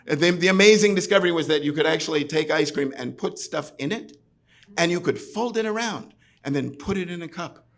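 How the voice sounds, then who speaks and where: Chatty New York storyteller with gravelly voice. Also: male voice, on the high side, a little fast. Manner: chatty, full of fillers like "like" and "right". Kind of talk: live comic storytelling. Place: pub stage.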